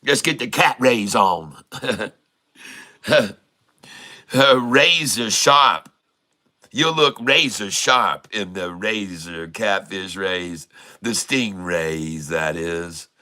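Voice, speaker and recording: A man's voice: on the low side, animated, very slow, sharp tone. A middle-aged man hosting a casual livestream, cracking puns and laughing often. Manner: jokey and pun-loving, laughs often. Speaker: livestream host.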